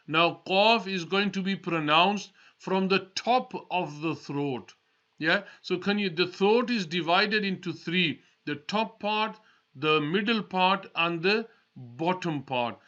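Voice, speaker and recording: Man, Quran teacher, very slow, higher voice, patient repetition, muffled recording. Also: pushed and bright. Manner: patient, models each letter sound and repeats it. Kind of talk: slow recitation lesson.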